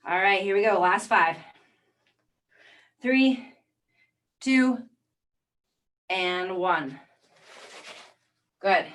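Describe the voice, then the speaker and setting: A woman's voice: fairly low pitch, takes it slowly, pauses often, far from the mic. Woman coaching a workout, off-mic. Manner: encouraging counting cues, calm coaching. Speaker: fitness instructor. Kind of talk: guided workout class.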